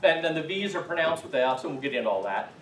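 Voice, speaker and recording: A man's voice: fairly high pitch, lively intonation, fast talker. Folksy man teaching a class. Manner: chatty, emphatic, folksy. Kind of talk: casual classroom lecture. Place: classroom with an audience. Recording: echoey room, distant mic.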